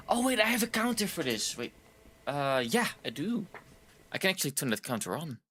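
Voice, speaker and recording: A man's voice: a little high, big pitch swings, moderate pace, fairly bright tone, slightly rough. A male streamer chatting casually while playing a game, rambling and a little tipsy. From Canada.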